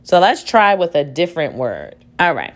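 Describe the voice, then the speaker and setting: A woman's voice: sits low, wildly swooping pitch, moderate pace. A woman teacher giving a recorded reading lesson for children at home, patiently sounding out words aloud.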